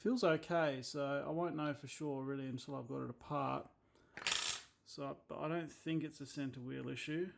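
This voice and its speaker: This Australian-accented watchmaker talks casually at his workbench while repairing a watch, his mid-range voice gravelly and fairly even in intonation at a normal speed, with a little hiss or hum in the background. He's blunt and exasperated, and he tends to swear when annoyed.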